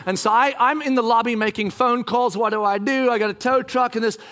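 A middle-aged man preaching a sermon, telling a family story in an animated, joking way and acting out the voices. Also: very high-pitched, a little fast. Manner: animated, jokey, acts out voices. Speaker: pastor.

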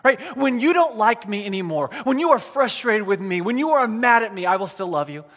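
A male pastor preaches with a notably high voice, telling a personal story with self-deprecating humor. His sentences stall and restart often. The sound rings out with the long reverb of a big hall. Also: animated, fairly quick, fairly bright tone. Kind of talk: storytelling sermon.

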